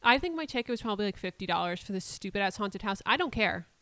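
Casting note: twenties woman, blunt animated storyteller, dry close sound. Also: medium pitch, fast talker, dry recording. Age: 20s. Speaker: podcast co-host. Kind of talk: casual chat.

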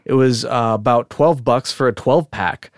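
A man's voice: mid-range voice, normal speed, no room sound. Guy hosting a podcast, super casual and rambly, laughs a lot, dry close sound. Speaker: podcast host. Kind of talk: casual chat.

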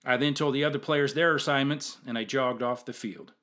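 A man who hosts a storytelling show and coaches youth football, narrating a humorous story in a lively way with acted-out dialogue. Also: mid-range voice, a little fast.

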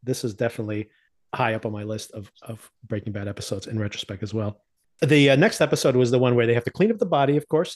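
A man hosting a podcast, recapping a TV season in casual chat, laughing often and acting out the characters' lines. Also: medium pitch. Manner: animated storyteller, laughs often, acts out quotes. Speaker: podcast host.

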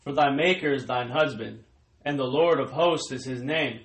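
A man's voice: mid-range voice, moderate pace, echoey room, poor audio. Man reading scripture from farther off. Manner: formal, declaiming reading. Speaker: scripture reader. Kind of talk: reading Bible verses aloud.

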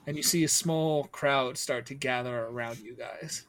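A man's voice: medium pitch, moderate pace. Man running a tabletop game. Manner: calm, questioning, with frequent fillers. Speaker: game master.

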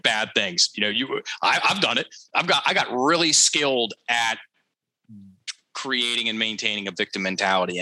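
A man with a low, forceful, sharp-edged voice, telling a story as a podcast guest. He leans on key phrases and repeats them for emphasis. He turns to the listeners like a teacher. The sound is dry and close. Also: no room sound, poor audio. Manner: addresses listeners directly, teacherly. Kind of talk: conversational storytelling.

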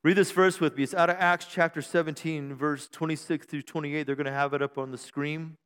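A high-voiced male pastor preaches in a conversational, joking style, calling out to the congregation for responses. His voice rings with long reverb in the church sanctuary. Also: steady tone, a little fast, a bit bright, clean tone. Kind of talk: sermon.

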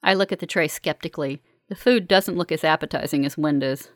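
A woman narrating a first-person novel as an audiobook, in a wry, measured manner. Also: low voice, no echo, clean studio sound.

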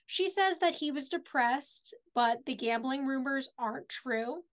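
A woman's voice: sits high, measured pace. A woman co-hosting a podcast, casually retelling TV scenes step by step. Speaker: podcast co-host. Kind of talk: casual recap chat.

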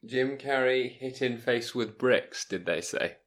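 Dry, understated co-host. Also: male voice, mid-range voice, a little slow, fairly bright tone. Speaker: podcast co-host. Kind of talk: casual podcast banter.

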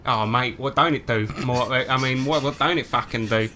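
Cheeky matey shop clerk, put on by a man, bright delivery. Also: medium pitch, moderate pace, a little hiss or hum, lightly acted. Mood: pushy salesman. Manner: cheeky matey sales patter. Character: chatty male drone shop clerk, pushy salesman.

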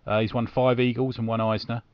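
A man's voice: medium pitch, little pitch movement, fairly quick, dry recording, lo-fi sound. A man hosting a casual comic book podcast, chatty, often trailing off with tag questions.

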